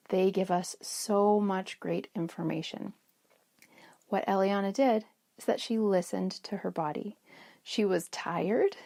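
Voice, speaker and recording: A woman's voice: mid-range voice, creaky, warm tone, no room sound, studio quality. A middle-aged woman hosting a self-care podcast, telling stories in a chatty way that restarts sentences. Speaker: podcast host. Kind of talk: casual self-care talk.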